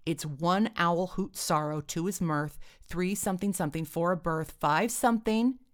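A woman's voice: lowish voice, moderate pace, lightly acted. A woman voicing a jittery, superstitious young man who blusters in panicky insistence.

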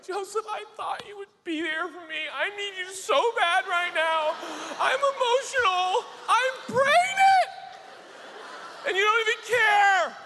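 A man voicing Mary, a distraught young woman pleading through tears in a shrill, emotional voice. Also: sing-song, moderate pace, sharp tone, full character voice. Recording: echoey hall with faint ambience.

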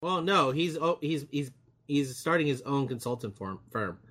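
A man's voice: on the high side, lively intonation, normal speed, a bit bright. A man co-hosting a casual tech podcast, teasing and laughing often. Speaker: podcast co-host. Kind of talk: casual chat.

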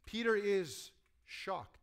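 A man preaching a sermon to a congregation, animated, acting out quoted voices and asking his listeners questions. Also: high-pitched, slow, clean tone. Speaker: pastor.

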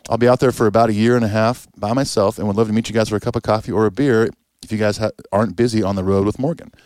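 A man's voice: fairly low pitch, fairly even intonation, racing, darkish tone, no room sound, clean studio sound. A man co-hosting a podcast in easygoing casual chat, reading listener emails and agreeing with his partner. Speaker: podcast co-host.

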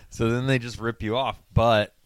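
A man's voice: medium pitch, a bit bright, slight background noise. A man co-hosting a podcast in casual chat, rambling and searching for words with a joking edge. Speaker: podcast co-host.

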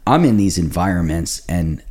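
A young man with a deep, low voice tells a personal story in a relaxed podcast chat. He acts out what others said as he goes, telling it in an animated, storytelling way. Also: moderate pace. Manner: animated storyteller acting out quotes. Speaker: pastor telling his story. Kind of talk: casual podcast conversation.

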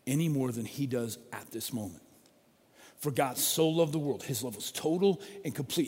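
A middle-aged man preaches a sermon in a chatty, conversational way, leaning hard on repeated key phrases. His voice sits slightly high for a man. The sound carries the long reverb of a large hall. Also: a little mellow. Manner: conversational preaching, rising to emphatic stresses. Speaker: pastor.

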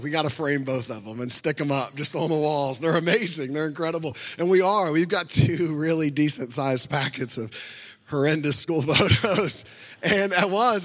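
Male pastor preaching, kinda high bright voice, lots of laughing storytelling, big church hall reverb. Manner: animated storytelling, laughs often. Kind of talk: sermon.

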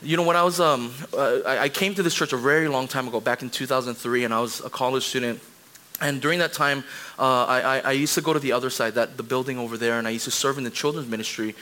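A man in his thirties preaching a sermon in a church, conversational and animated, with quick asides to the congregation. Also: mid-range voice. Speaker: pastor. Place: church sanctuary.

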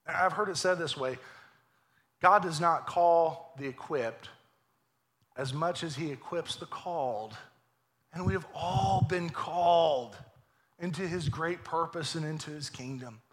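Man, pastor, sermon in a church, bright voice, lively, joking delivery. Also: fairly high pitch, unhurried. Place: church sanctuary.

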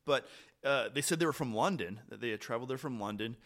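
A man hosting a podcast, telling a hiking story in a relaxed, chatty way with pauses and restarts. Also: mid-range voice. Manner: animated, trailing pauses and restarts. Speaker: podcast host. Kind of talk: casual storytelling chat.

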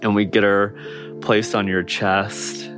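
A young man speaks very low and slow, his voice staying level as he tenderly recalls what happened. Soft music runs faintly behind him. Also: flat delivery. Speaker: guest telling his story. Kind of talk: personal storytelling.

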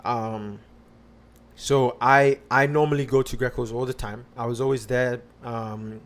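A man's voice: mid-range voice, steady tone, a little slow. A man on a podcast casually telling a personal story, rambling with lots of fillers and restarts.

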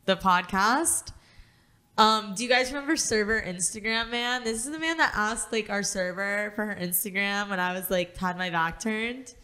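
A young woman with a bright, crisp tone tells stories on her podcast. She is animated and teasing, talking in a relaxed and chatty way. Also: medium pitch, moderate pace. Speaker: podcast co-host. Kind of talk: casual chat.

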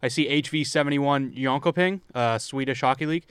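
A man's voice: medium pitch, fairly quick, a bit bright, clear, resonant tone, no echo, studio quality. A man co-hosting a podcast, easygoing and joking in casual chat. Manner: easygoing, joking, brief interjections. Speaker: podcast co-host.

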